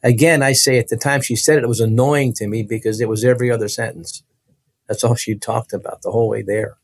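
A man's voice: mid-range voice, steady tone, quick pace, no echo. Brief: man sharing his testimony, earnest storyteller, medium voice, dry close sound. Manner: earnest, vivid storytelling with many restarts. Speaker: guest telling his testimony. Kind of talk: personal faith testimony in conversation.

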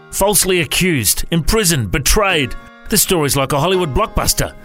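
A man reads a short devotional in an earnest, preacherly manner. His voice sits at a middle pitch. Faint music runs underneath. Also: a bit bright. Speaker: devotional speaker. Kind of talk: scripted devotional narration.

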